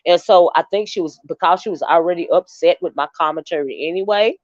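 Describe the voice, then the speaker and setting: A woman's voice: on the low side, fairly quick, no echo. A woman hosting a casual livestream, telling a long rambling story straight to her viewers. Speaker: livestream host. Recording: dull, dry lo-fi stream audio.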